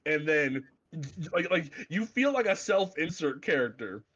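A man co-hosting a casual comic book podcast, animated and swearing freely as he recaps scenes. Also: unhurried, muffled recording. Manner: animated, swears freely, acts out quotes in a low voice. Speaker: podcast co-host.

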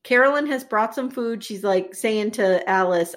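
A woman co-hosting a casual chat, recapping a story with animated storytelling and acting out the characters' lines. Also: mid-range voice, moderate pace, hardly any pauses. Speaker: podcast co-host recapping episodes.

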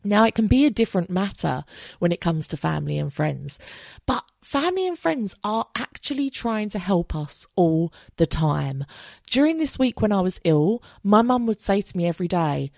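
A woman's voice: fairly low pitch, very animated, normal speed, vocal fry, a little mellow, no room sound. An English woman in her thirties hosting a solo podcast, talking candidly and chattily and swearing freely. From England. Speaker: podcast host. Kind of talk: casual solo podcast monologue.

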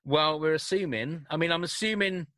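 A man's voice: a little high, moderate pace, a bit bright, dry recording. A British man co-hosting a radio show, reading listener questions and rambling through them with self-corrections and chuckles. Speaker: radio co-host.

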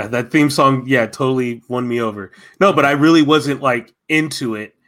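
A man's voice: mid-range voice, normal speed, a bit bright. A man co-hosting a casual fan chat, talking enthusiastically and rambling with many restarts.

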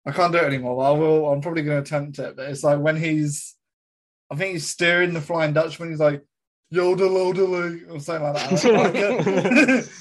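Young guy on a podcast, kinda high voice, laughs a lot while telling stories. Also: level tone, fast talker. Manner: laughs often, tells stories. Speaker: podcast co-host. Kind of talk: casual chat.

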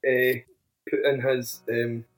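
Man, casual podcast regular, mid-pitched, stop-start teasing questions. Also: level tone, slow pace. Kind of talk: casual chat.

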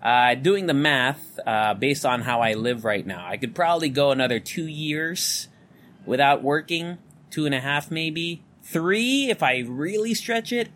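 A man's voice: on the high side, animated, a little slow, a bit bright. Candid man rambling with a neutral American accent. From Philippines. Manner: candid, rambling, swears freely. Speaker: podcast host. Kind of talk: casual solo podcast monologue. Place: home room with electric fan running. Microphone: studio condenser mic.

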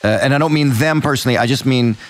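A man hosting an interview, chatty and quick to jump into his own stories. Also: medium pitch. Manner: chatty, jumps into anecdotes. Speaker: interview host. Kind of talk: casual interview chat. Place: by Georgian Bay during a thunderstorm.

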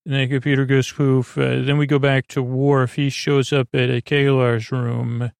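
Gravelly man rambling through a retelling. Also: mid-range voice, flat delivery, normal speed, no room sound, studio quality. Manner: rambling, loose, many fillers and restarts. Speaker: sleep podcast host. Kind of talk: casual retelling of a TV episode.

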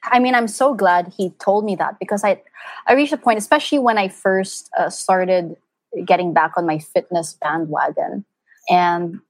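A woman, a mother, speaks as an interview guest, telling stories in an earnest, animated way with many fillers. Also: fairly low pitch, moderate pace, no echo. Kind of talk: casual conversational interview.

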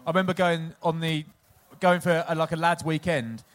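An English man in his forties tells rambling stories on stage and keeps laughing at his own punchlines. His voice sits a little high for a man, and he loses the thread and picks it back up as he goes. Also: fairly even intonation, moderate pace. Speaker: podcast co-host, former rugby player. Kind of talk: live comedic storytelling.

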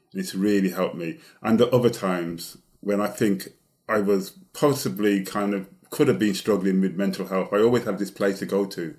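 A man with a Birmingham accent talks as a podcast guest. His voice is fairly low, and he answers earnestly, wandering a little and leaning on fillers. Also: a little mellow. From Birmingham, England. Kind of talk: casual interview chat.

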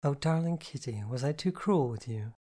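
A male audiobook reader voicing a playful, affectionate woman who teases softly. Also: medium pitch, lively intonation, normal speed, natural voice. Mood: teasing. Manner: teasing, soft and fond. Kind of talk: audiobook character reading.

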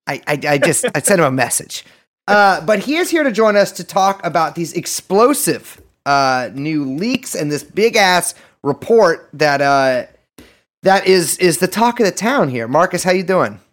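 A male podcast host with a fairly high voice talks casually and rambles. His pitch jumps around a lot, and he pokes fun at himself as he goes. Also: a little slow. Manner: animated, rambling, self-mocking.

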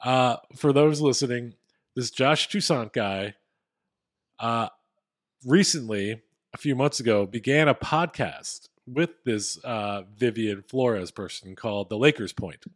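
A man's voice: mid-range voice, a little slow. Man, podcast co-host, casual storytelling, filler words. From Philadelphia area.

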